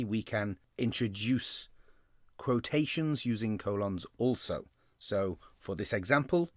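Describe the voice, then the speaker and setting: A man's voice: lowish voice, dry recording. Man teaching grammar, dry sound. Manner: explanatory, slows to stress key terms. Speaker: English teacher. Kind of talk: recorded grammar lesson.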